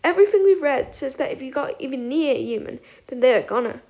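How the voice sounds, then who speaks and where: A woman voicing a calm, measured teenage schoolboy who steadies his friends. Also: high-pitched. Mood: explaining. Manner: measured, tempering.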